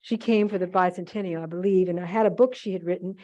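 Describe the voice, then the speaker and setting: A woman's voice: on the low side, steady tone, fast talker, dark tone. An older woman telling rambling, chatty stories with asides while demonstrating holiday decorating. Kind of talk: casual storytelling during a demonstration. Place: museum event room. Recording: muffled museum archive recording.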